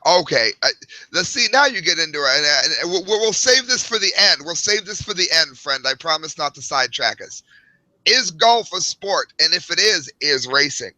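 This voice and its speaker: A man in his forties co-hosting a casual talk show, animated and rambling. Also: on the high side, normal speed, no room sound, low-quality recording. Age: 40s. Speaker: co-host.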